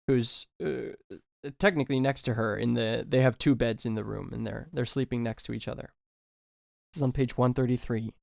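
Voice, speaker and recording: A man's voice: medium pitch, vocal fry, a little mellow, clear, resonant tone, no echo, clean studio sound. A man discussing a horror novel in a casual review, thinking aloud with fillers and self-corrections, and reading a passage aloud with dramatic emphasis. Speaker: book reviewer.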